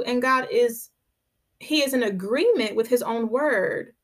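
Picture a woman with a voice pitched a little high, teaching from the Bible on her podcast in an easy, conversational way. She presses each point firmly, comes back to the same phrases, and often checks in with "right?". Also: unhurried, a bit bright. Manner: emphatic, keeps checking in with "right?"; drives points home by repeating phrases.

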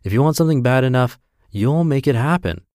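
A man's voice: mid-range voice, lively intonation, brisk, a little mellow, dry recording, studio quality. A man narrating a self-help blog post for his podcast in an upbeat, emphatic reading voice.

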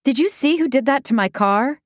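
A pampered young woman detective, prim and easily flustered, put on by a woman reading aloud. She pitches up into shrill, indignant cries. The sound is close and dry, like a storybook read at home. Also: lively intonation, fairly quick, no room sound.

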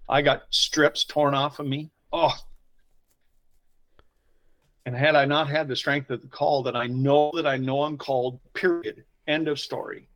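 A middle-aged man, a pastor telling personal stories in an interview, swinging from quiet asides to loud emotional bursts. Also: on the high side, steady tone, moderate pace, few pauses, low-quality recording. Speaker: pastor, podcast guest. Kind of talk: conversational storytelling interview.

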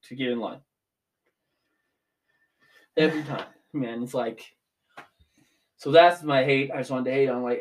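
A man's voice: mid-range voice, fairly even intonation, a little slow, long pauses. A young man in his twenties ranting casually as a podcast co-host, swearing freely. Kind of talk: casual chat.

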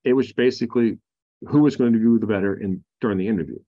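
Frank, halting male veteran storyteller. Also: lowish voice, warm tone, lo-fi sound. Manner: frank, halting, many fillers and restarts. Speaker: podcast guest, Marine veteran. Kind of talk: candid personal storytelling.

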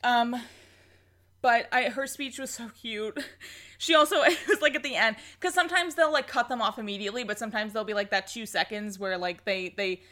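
A young woman co-hosting a podcast in casual chat, excitable and gushing, swearing freely. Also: on the high side, fairly quick. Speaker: podcast co-host.

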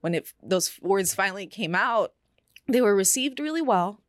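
A woman's voice: medium pitch, animated, normal speed, dry recording, studio quality. A young woman on a podcast, candidly telling a personal story in casual chat, with many fillers. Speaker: podcast co-host.

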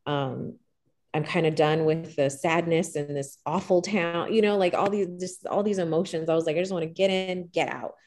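Middle-aged woman telling her story, deep gravelly voice, calm and level, lots of ums and restarts. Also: normal speed. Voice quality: gravelly low voice. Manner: calm, even-keeled, with frequent fillers and restarts. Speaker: guest. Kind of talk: personal storytelling in conversation.

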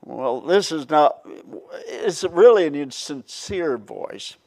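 Man, preacher, folksy Bible study talk, frequent chuckles, halting restarts, fairly high voice. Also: animated, vocal fry, darkish tone.

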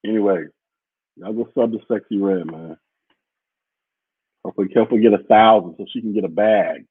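A husky-voiced man hosts a podcast as a loose livestream, answering viewer comments in a rambling, blunt, profane way. His audio is muffled and narrow, like a phone line, and sounds dry and close. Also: fairly low pitch, a little fast, no room sound. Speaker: podcast host. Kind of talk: casual livestream chat reading viewer comments.

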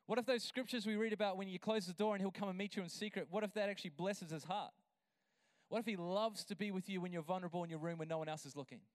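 High, clear-voiced man preaching with passion. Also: no room sound, studio quality. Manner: passionate, builds to emphatic drawn-out lines; chatty asides with laughs. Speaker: pastor. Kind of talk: sermon.

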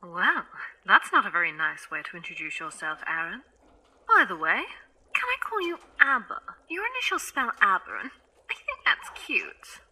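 A flirty female phone AI that teases and coos. Her voice is bright and a little breathy, with pitch swooping up and down. She sounds coy and playful throughout. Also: big pitch swings, normal speed, exaggerated voice. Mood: teasing. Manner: teasing, coy, giggly.

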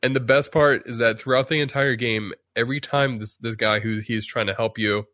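A man's voice: medium pitch, steady tone, a little fast, bright, forceful tone, dry recording, studio quality. A man chatting casually on a podcast, rambling with many restarts and fillers while acting out quotes. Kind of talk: casual chat.

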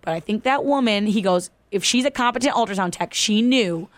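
A woman's voice: mid-range voice, a little fast, dry recording. A woman casually telling a personal story, acting out the voices of the people in it. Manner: animated, acts out quoted voices.

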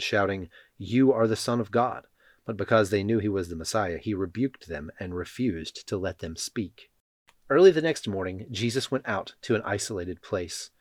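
A man reading Bible passages and leading a prayer in a measured, solemn way. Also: on the low side, no room sound. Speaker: scripture reader.

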